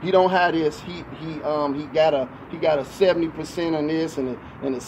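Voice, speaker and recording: Podcast co-host, male, high-ish voice, heated and profane storyteller, noisy background. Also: steady tone, fairly quick, a little mellow. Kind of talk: casual storytelling chat.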